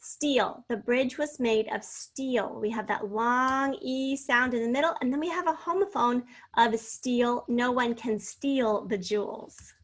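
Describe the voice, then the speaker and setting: A woman teaching a spelling lesson, sounding out words slowly and clearly and reading out example sentences. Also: on the high side.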